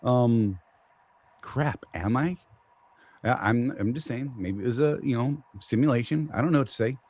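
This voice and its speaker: A man's voice: medium pitch, normal speed, a little mellow, low-quality recording. Joking Southern man hosting a live chat. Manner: joking, rambling, teasing. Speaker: show host. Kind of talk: casual live-stream chat.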